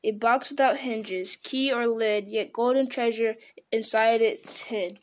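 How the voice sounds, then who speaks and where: A woman's voice: fairly high pitch, steady tone, measured pace, natural voice. Woman doing a plain-spoken male hobbit. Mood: riddling. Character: small male hobbit, clever and practical. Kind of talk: storybook read-aloud.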